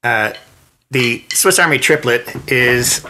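A man's voice: medium pitch, slow, pushed and bright, slight background noise. A man teaching drums in a casual lesson, explaining step by step and counting out sticking patterns. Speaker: drum teacher. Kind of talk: casual instructional breakdown.

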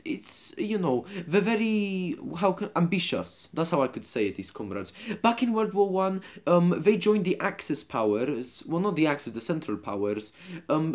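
Guy doing a rambly in-character rant to camera, lots of ums and restarts, voice on the high side and bouncing all over, keeps dropping low on "comrades". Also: a little mellow. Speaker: channel host.

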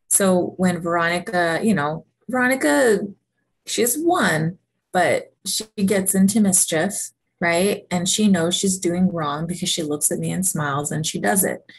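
A woman in her thirties co-hosting a casual podcast, telling animated stories about her kids and acting out their voices. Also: on the low side, low-quality recording. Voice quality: husky, gravelly. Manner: animated storytelling, acts out her kids' voices. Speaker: podcast co-host. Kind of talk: casual chat.

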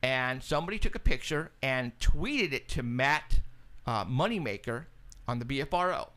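A radio show host telling an excited, casual story, acting out both sides of a phone call. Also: male voice, medium pitch, moderate pace. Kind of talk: casual chat. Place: studio, live stream.

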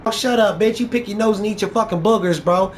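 Mid-game, a gaming YouTuber mocks another player, bragging, cursing heavily, and hammering the same jabs again and again. His high voice moves at a quick pace against slight background noise.

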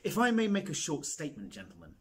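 A man doing a fussy, excited old newsagent. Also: a little high, fast, slight background noise, pitched above the performer's own voice.

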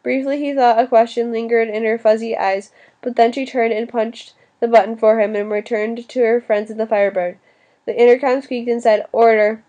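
A woman narrating an audiobook in an even, steady reading voice. Her pitch sits somewhat high, but the tone is dark and mellow. She now and then restarts a word. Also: moderate pace, muffled recording. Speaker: audiobook reader.

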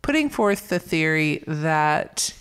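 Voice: mid-range voice, sing-song, slow pace, a bit bright, clean tone. A podcast co-host in a casual film discussion, retelling scenes with a laugh and acting out quoted lines.

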